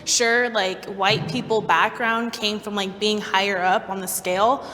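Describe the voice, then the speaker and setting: A woman's voice: mid-range voice, fairly even intonation, unhurried, bright, forceful tone. A woman speaking hesitantly, with many fillers, in a casual panel discussion. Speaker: panel participant. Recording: roomy reverb with faint ambient noise.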